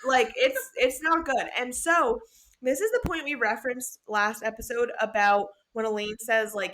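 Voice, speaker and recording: A young adult woman co-hosting a podcast, recapping a book in casual chat, animated and sweary, acting out the characters' lines. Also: on the high side, normal speed, a little hiss or hum. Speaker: podcast co-host.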